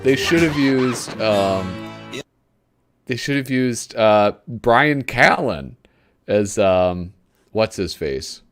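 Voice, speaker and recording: A male host gives unhurried, rambling commentary on a live show, often trailing off to search for names and chuckling as he goes. His voice is fairly low but lively, rising and falling a lot. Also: soft background music. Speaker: host of a magazine flip-through show.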